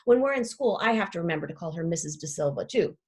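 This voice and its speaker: A woman's voice: fast talker, husky. A woman reading aloud as a chatty, dramatic classroom pet parrot who makes up rhymes. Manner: lively storytelling with playful rhymes and pitch leaps. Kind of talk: children's book read aloud.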